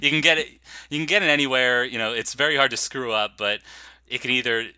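Bright-voiced man rambling about movies. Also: mid-range voice, steady tone, quick pace, clear, resonant tone, no echo. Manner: rambling, laughs often. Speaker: podcast co-host. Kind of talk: casual chat.

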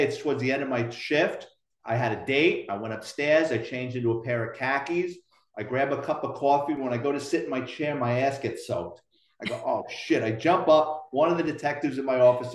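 A middle-aged retired police detective with a Bronx, New York accent tells blunt, profane, darkly humorous stories in a casual interview. His voice is medium-pitched, and the recording has a roomy echo.

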